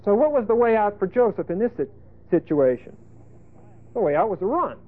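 A male preacher giving a folksy sermon, emphatic, with sudden loud bursts and asides. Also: sits high, very animated, fairly quick. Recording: tinny phone-like lo-fi sermon tape.

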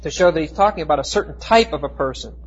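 A man teaching a Bible class, explaining Greek words with emphatic, slowed stress and frequent restarts. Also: a little high, animated, slightly rough. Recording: dull lo-fi recording.

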